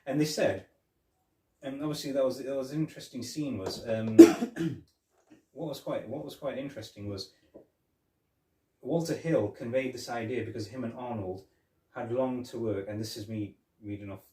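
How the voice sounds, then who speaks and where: Man, movie podcast co-host, halting rambling delivery, roomy echo, set back from the mic. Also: medium pitch, dark tone, far from the mic, a little hiss or hum. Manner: rambling, halting, many restarts and fillers. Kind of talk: casual film review chat. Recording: echoey room, voice off-mic.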